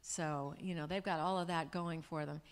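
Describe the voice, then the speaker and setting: A woman's voice: sits low, steady tone, normal speed. A woman in her sixties, a guest speaker answering audience questions in a chatty storytelling way. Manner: chatty, warm storytelling with laughs. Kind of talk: Q&A talk to an audience. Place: large event hall. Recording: hall reverb from a live event room.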